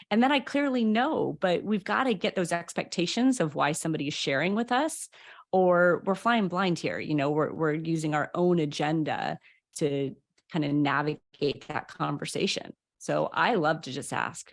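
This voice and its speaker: A woman's voice: sits low, normal speed. A woman coach and author, a guest on a podcast, speaking openly and candidly with many "you know"s and "like"s. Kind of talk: conversational interview.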